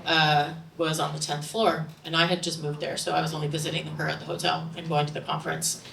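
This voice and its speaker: A middle-aged woman telling a story on a bar stage, animated and growing loud and excited. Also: lowish voice. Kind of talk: live storytelling to an audience. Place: stage in a bar, audience present. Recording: roomy live recording from a distance, faint room noise.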